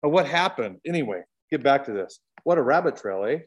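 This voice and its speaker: A man's voice: mid-range voice, lively intonation, a little fast, slightly rough, lo-fi sound. A man with a Canadian accent teaching a casual Bible study, talking conversationally with rhetorical questions and tangents.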